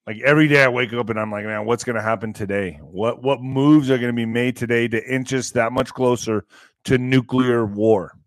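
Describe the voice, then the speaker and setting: A male host of a live online commentary show, talking in a rambling, excitable way that sometimes bursts into shouting. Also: medium pitch, brisk, no room sound.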